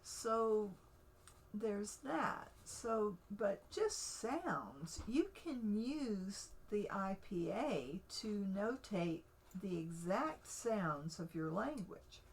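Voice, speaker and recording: A woman's voice: mid-range voice, big pitch swings, very slow, a little hiss or hum, poor audio. A woman hosting a casual livestream tutorial, talking in a hesitant way with many fillers and restarts. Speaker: livestream host teaching language creation.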